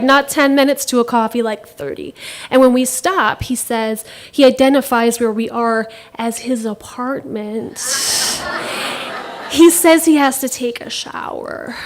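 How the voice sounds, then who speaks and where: Woman storyteller with a high voice, wry and self-deprecating, performing live on stage. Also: unhurried. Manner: wry, laughing asides. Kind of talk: live first-person storytelling. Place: theater stage.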